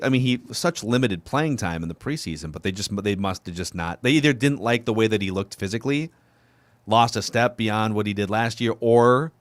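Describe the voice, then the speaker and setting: A man's voice: medium pitch, dry recording. A man co-hosting a sports podcast, talking casually and thinking aloud with frequent questions. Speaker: podcast co-host.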